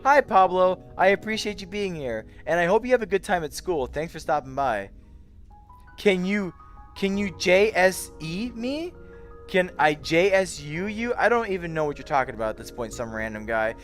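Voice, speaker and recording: A man's voice: sits high, animated, normal speed, a bit bright, soft background music. Sleepy, tired young man streaming late at night. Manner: sleepy, rambling, giggly, greets chat by name. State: very tired, yawning. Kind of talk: late-night casual livestream chat.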